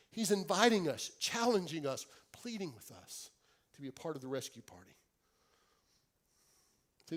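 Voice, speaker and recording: Earnest man preaching a sermon. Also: fairly high pitch. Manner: earnest, pleading, drops to soft quiet tones for emphasis. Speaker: pastor.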